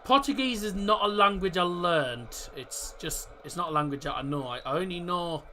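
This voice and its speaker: A man's voice: high-pitched, normal speed, bright, forceful tone, slight background noise. A man hosting a live football watchalong, chatting casually, answering viewers' chat and talking through the match, with the odd swear word.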